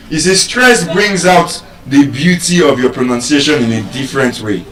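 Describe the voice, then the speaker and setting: A man's voice: on the high side, moderate pace, fairly bright tone, faint music behind. A man with a Nigerian accent teaching pronunciation in a live lesson, stretching out and repeating example words. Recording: echoey room, far from mic.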